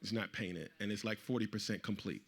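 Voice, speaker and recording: A middle-aged man speaking at a live event, telling a personal story to the audience with animated delivery and acting out the voices of the people he quotes. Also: fairly low pitch, brisk, husky. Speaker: author speaking at a book event.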